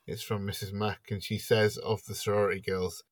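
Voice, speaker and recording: Low-voiced man with dry, wry remarks. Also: little pitch movement, normal speed, no room sound. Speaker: podcast panelist. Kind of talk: casual film-panel chat.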